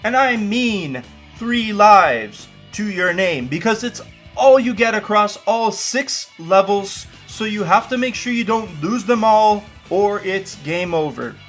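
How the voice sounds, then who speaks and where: Over faint music, a young man with a high, expressive voice narrates a scripted video game trophy guide at a measured pace. He drops in wry, self-deprecating asides.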